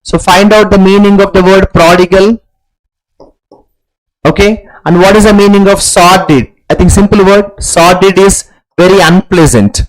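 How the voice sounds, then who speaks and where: Tutor, man, high voice, repeats phrases as drills, clears throat often. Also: moderate pace, poor audio. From India. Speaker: English teacher. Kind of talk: live online exam-prep lesson.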